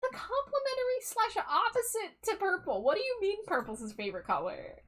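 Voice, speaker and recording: A woman's voice: very high-pitched, big pitch swings, brisk, fairly bright tone. A woman hosting a casual stream, reading out toy bios and ranting bluntly and sarcastically, with some swearing. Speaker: streamer host.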